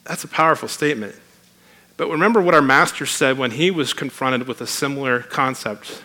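A man's voice: medium pitch, brisk, bright, forceful tone. A man preaching a sermon in a conversational, emphatic way, reading scripture aloud.

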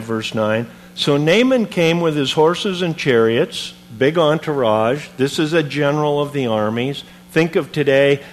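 A man preaching a sermon, retelling a Bible story in an animated, conversational way with modern comparisons. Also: mid-range voice, slight background noise.

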